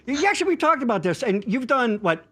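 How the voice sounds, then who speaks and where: Excitable male co-host, high and lively voice, bright tone. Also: fast. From Pennsylvania. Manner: excitable, jokey, rambling. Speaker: podcast co-host. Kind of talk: casual chat show hosting.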